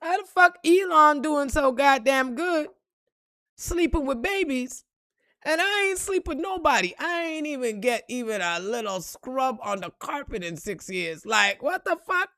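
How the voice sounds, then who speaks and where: A woman giving a blunt, profane motivational monologue, repeating phrases and swinging between loud outbursts and low, reflective tones. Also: a little slow, no echo, clean studio sound. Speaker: spiritual reader and motivational vlogger.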